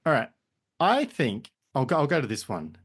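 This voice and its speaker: A man's voice: medium pitch, big pitch swings, normal speed, husky. A man co-hosting a podcast, retelling film scenes in casual chat. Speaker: podcast co-host.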